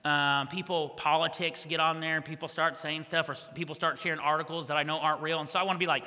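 A man preaching a sermon as pastor, conversational and energetic with quick asides to the congregation. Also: a little high. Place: church hall. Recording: long church hall reverb.

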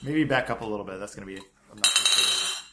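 A man's voice: lowish voice, brisk, heavy background noise. Jokey man co-hosting a podcast. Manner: loose and jokey, trailing off mid-sentence. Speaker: podcast co-host. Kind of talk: casual chat.

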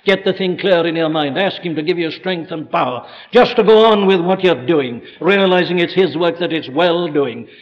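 A fervent male preacher with a fairly high voice, rising to loud appeals and dropping to near whispers on old-fashioned scripture. His sermon rings through a large hall with long reverb. The recording is dull and lo-fi, like an old tape. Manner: dramatic swings from loud exhortation to hushed quotes.

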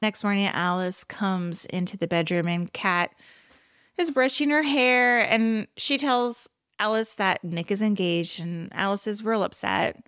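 A woman's voice: mid-range voice, fairly even intonation, unhurried, a bit bright, smooth, no room sound, studio quality. A woman co-hosting a podcast, recapping a TV episode in casual chat with blunt, exasperated asides. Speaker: podcast co-host.

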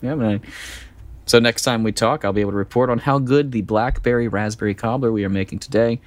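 A man's voice: mid-range voice, dry recording. A middle-aged man co-hosting a casual podcast chat, rambling a bit and laughing easily. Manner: chatty, rambling with restarts and a quick laugh. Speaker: podcast co-host.

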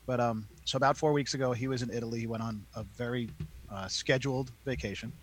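A man's voice: medium pitch, fast talker, low-quality recording. A man, a librarian from New York, telling a story in a casual chat with many fillers. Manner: animated storyteller, lots of fillers.

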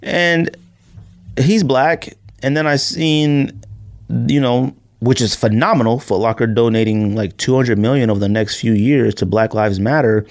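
A man's voice: mid-range voice, fairly even intonation, a little slow. A man hosting a sneaker podcast, talking casually in a rambling, joking, storytelling way. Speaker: podcast host.

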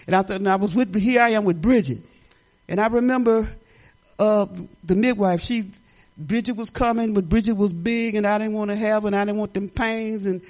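An older woman preaching a testimony at church, fervent and repetitive, with bursts of laughter and sudden shouts. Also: fairly high pitch. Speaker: church speaker.

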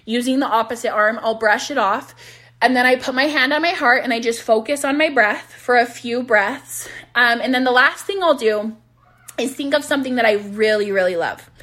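A woman in her thirties talks through her own podcast from home, candid and casual, laughing easily and sprinkling in "like." Her voice sits a little high and sounds a bit worn, as if she is starting to lose it. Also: fairly bright tone. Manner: candid, chatty, laughs easily, says "like" often. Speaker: podcast host and business coach. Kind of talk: casual solo podcast advice.

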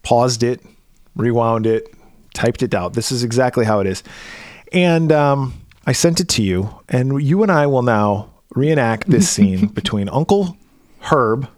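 Animated, laughing podcast co-host man. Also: medium pitch, a little slow, dry recording, clean studio sound. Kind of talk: casual chat.

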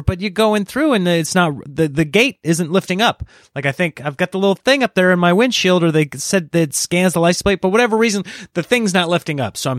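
A man hosting a podcast, telling a story in a casual, animated way, ranting in exasperation and laughing at himself. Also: a little high, no echo, studio quality. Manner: self-deprecating, laughs at himself. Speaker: podcast host.

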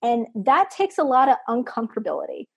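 A woman from Texas talks as a podcast guest with a slightly husky, breathy voice pitched a bit high. She speaks earnestly and reflectively, and now and then laughs at herself. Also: big pitch swings, fairly quick, muffled recording. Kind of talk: heartfelt interview talk.

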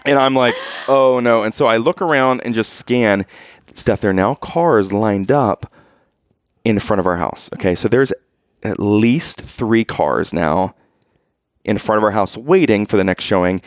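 A man's voice: fairly low pitch, unhurried, dry recording, studio quality. A man casually telling a story on a podcast, acting out the people in it as he goes. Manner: animated storyteller, acts out quoted exchanges.

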